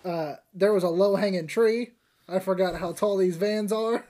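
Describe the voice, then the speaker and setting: A man's voice: high voice, moderate pace, dark tone. A young man chatting casually on a podcast, telling stories in a rambling way with frequent laughs and restarts. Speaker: podcast co-host.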